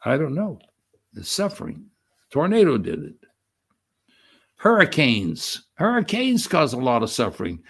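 An older man preaching a sermon, reading scripture aloud with slow, emphatic stress and explaining it in a halting way with many restarts. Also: a little high, wildly swooping pitch, vocal fry, fairly bright tone, breathy edge. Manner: unhurried, halting with frequent restarts and fillers; reads quoted verses with slow emphatic stress. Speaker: pastor.

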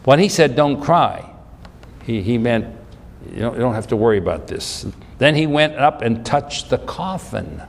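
A man's voice: mid-range voice, lively intonation, moderate pace, creaky. A man preaching a Bible teaching sermon, explaining scripture with questions to the listeners and repeating and restarting phrases. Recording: long hall reverb.

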